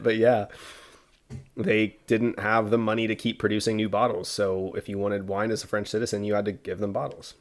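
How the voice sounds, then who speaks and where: A man co-hosting a podcast, telling a history story in a relaxed way with asides and fillers. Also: fairly low pitch, normal speed. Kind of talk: casual history podcast narration.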